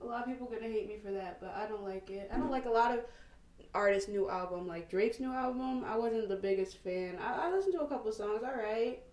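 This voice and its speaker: Lively young woman chatting while doing makeup. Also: a little high, echoey room. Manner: animated, laughing storyteller, drawn-out exclamations. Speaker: podcast host. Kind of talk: casual get-ready-with-me chat.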